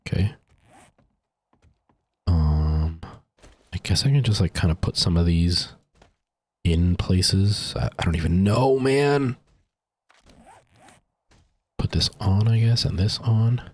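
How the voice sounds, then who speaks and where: A man's voice: deep voice, slow pace, long pauses, a little mellow. A man streaming a game live, anxious and jumpy, talking to himself and sometimes dropping to a nervous whisper. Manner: anxious, jumpy, talks to himself under stress. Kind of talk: live gameplay commentary.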